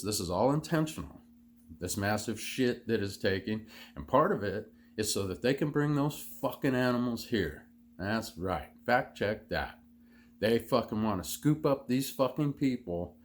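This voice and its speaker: A man's voice: sits low, slight background noise. A man from the United States hosting his own commentary show, delivering an angry, sneering, heavily profane monologue. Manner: angry, sneering, swears constantly. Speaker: host of a solo commentary show.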